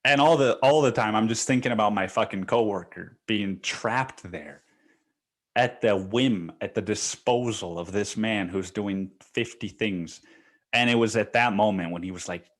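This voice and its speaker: A man telling stories on his own podcast in a loose, casual monologue. His voice sits fairly low. He swears constantly and laughs between lines. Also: moderate pace. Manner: profane, laughing storyteller. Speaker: podcast host.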